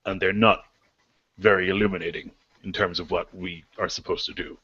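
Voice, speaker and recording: A man voicing a grave male guardian of an ancient maze people, speaking slowly and formally. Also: deep voice, level tone, bright, forceful tone, slightly rough, lo-fi sound, exaggerated voice. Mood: solemn.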